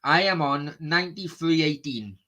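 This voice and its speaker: Guy streaming a footy watchalong, bright voice, a bit high, swears at trolls in chat. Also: normal speed. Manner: blunt, sweary, talks back to chat. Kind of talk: casual live-stream chat.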